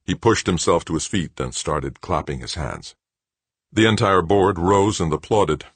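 A man reading a novel aloud as narrator, in a measured, even storytelling manner. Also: deep voice, breathy edge, dry recording. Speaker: audiobook narrator. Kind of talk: scripted narration.

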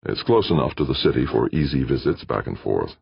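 A man voicing a steady, diplomatic male mission leader who talks in an even, conciliatory way. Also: rumbling low, a little fast, creaky, slightly rough, dry recording, lo-fi sound, heavily acted.

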